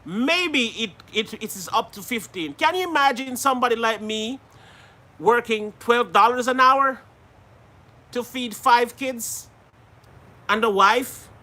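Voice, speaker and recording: A man's voice: very high voice, a little slow, sharp tone. A man from Jamaica hosting a live stream, chatting casually and greeting viewers by name, laughing often.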